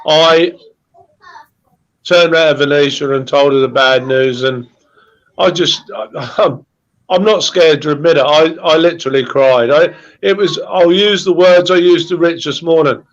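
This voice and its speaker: A man speaking as a guest fan in casual podcast chat, halting and repeating words as he talks from the heart. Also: on the high side, lo-fi sound.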